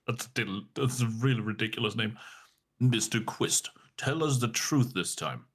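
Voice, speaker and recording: A man's voice: medium pitch, measured pace, long pauses, a bit bright. A man joking dryly while voicing and playing through a story game with a co-player. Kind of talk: casual banter over a game playthrough.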